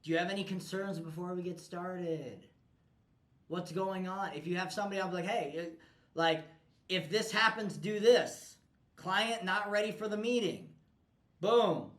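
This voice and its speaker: Man, high voice, blunt motivational team talk, swears a lot, echoey room. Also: normal speed. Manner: forceful, profane, pushy. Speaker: business coach addressing his team.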